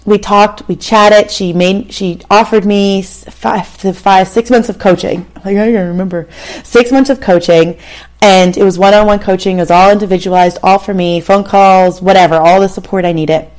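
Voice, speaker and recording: A woman's voice: mid-range voice, darkish tone. Candid woman telling her story. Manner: candid, conversational, addresses listener directly. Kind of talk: casual storytelling monologue.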